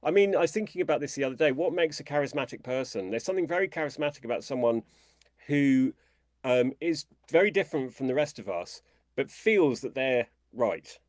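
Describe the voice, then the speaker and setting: British man telling animated anecdotes. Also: brisk, no room sound, clean studio sound. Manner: animated storyteller, imitates people in a high voice. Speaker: author guest. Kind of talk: conversational interview.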